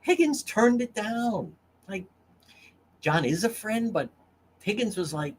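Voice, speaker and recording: A man's voice: high voice, animated, slow pace, long pauses, slight background noise. A man hosting a casual livestream, crude and mocking as he reads comments from chat. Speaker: livestream host.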